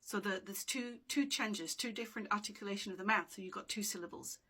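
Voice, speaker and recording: A woman with a medium-pitched, bright, forceful voice and a breathy edge talks fast while teaching dictionary pronunciation in a casual video lesson. She explains patiently, checking in with "okay?" as she goes. There's no microphone, so her voice drifts from the camera with room sound and sometimes sounds far away.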